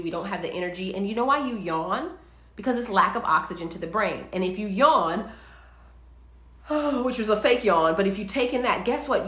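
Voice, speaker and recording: A woman's voice: on the low side, a bit bright, echoey room. A woman hosting a live wellness show, chatting upbeat and walking viewers through breathing exercises. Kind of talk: live-streamed instructional talk.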